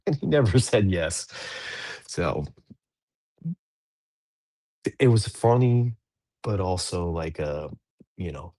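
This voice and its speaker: On his dads' podcast, a thirty-something host works through a daily reading in casual reflection, wandering and revising as he goes. His low, slightly mellow voice has lively intonation and a measured pace with long pauses, and there's no room sound.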